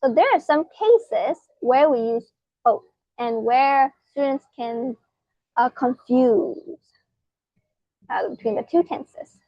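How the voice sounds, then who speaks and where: Woman teacher going slow, spells stuff out letter by letter, kinda dull lo-fi mic. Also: sits high, dry recording. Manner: patient, spells out letters, asks rhetorical questions. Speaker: English teacher. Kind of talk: slow explanatory grammar lesson.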